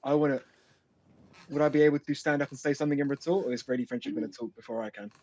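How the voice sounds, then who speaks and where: A man playing a tabletop game, quick and eager. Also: a little high, lively intonation, a little mellow. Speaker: player.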